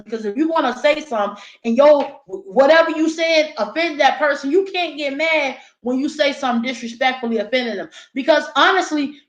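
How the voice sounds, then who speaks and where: A woman's voice: high-pitched, roomy sound, low-quality recording. A woman chatting casually to her viewers, blunt and opinionated, swearing freely. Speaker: vlogger. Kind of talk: casual talk while eating, reading chat.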